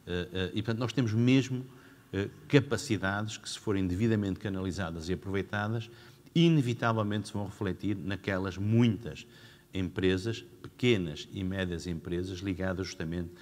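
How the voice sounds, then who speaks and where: Minister at a panel: very low man, rapid and halting, hall echo. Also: darkish tone. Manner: fast, halting, with many fillers. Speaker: government minister. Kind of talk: public speech at a panel. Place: large hall or hangar. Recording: long hall reverb.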